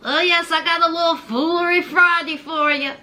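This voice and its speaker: A woman vlogger giving loud, animated gossip commentary and calling viewers child and honey. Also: very high-pitched, moderate pace, slight background noise.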